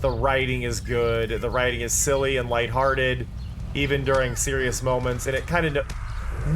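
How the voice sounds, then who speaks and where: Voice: medium pitch, little pitch movement, normal speed, slight background noise. A VTuber streamer chatting casually and cheerfully while playing a game, laughing often.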